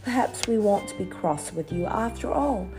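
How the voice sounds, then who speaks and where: A woman voicing a prim golden-haired girl doll in a storybook reading, high and fretful. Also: lively intonation, moderate pace, dark tone, soft background music, close to an everyday voice. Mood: relenting.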